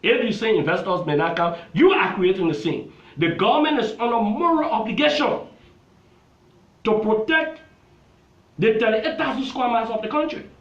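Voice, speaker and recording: A man's voice: sits high, animated, normal speed. A Liberian man, a lawmaker, making an emphatic, repetitive political argument in a television interview. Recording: roomy, dull television audio.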